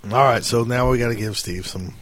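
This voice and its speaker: A man's voice: mid-range voice, fairly quick, a bit bright. A man hosting a casual podcast about tabletop games, teasing his guests and laughing often. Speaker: podcast host.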